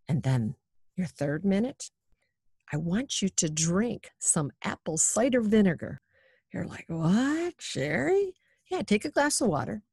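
A woman's voice: medium pitch, darkish tone, dry recording. Woman yoga teacher, chatty and encouraging, talks right to you, dry close sound. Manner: encouraging, chatty, addresses listener directly. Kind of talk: instructional wellness talk.

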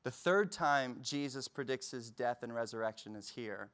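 A man preaching a sermon in a relaxed, conversational way, acting out quotes with bursts of energy. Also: mid-range voice, normal speed. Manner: conversational, animated retelling with acted-out quotes. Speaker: pastor.

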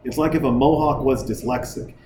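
A man hosting a casual, rambling film commentary with profane, jokey, excitable talk, recorded in a bar. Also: medium pitch, a little fast, noisy background. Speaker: podcast host reviewing a film. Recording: echoey room with loud background ambience.

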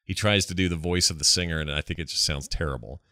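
Deep bright-voiced male podcast host. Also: fast, dry recording, studio quality. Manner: laid-back, joking. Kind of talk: casual podcast chat.

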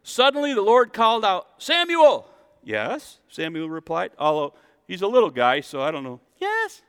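A male pastor giving a jokey, animated sermon in a church, acting out the story as he goes. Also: high-pitched, fairly quick, clean tone, big-room sound.

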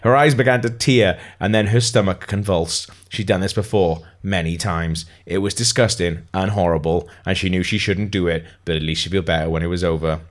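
A man's voice: low-pitched, fairly even intonation, brisk, few pauses. A man reading a novel aloud, amused, stopping now and then to comment on it. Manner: amused, breaks off to comment and laugh. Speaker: reader.

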